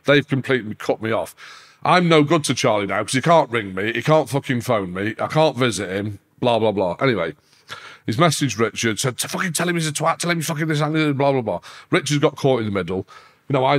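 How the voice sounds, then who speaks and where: Foul-mouthed man telling a story. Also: on the low side. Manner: heavy swearing, animated retelling with quoted dialogue. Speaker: podcast guest. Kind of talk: casual storytelling.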